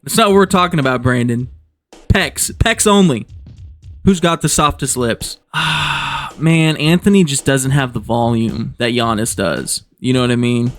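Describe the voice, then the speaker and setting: Dude vlogging jokes, rambly and swearing a lot, mid-pitched voice, faint music behind. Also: male voice, measured pace, a bit bright. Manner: rambling, profane, self-amused. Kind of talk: joking casual commentary.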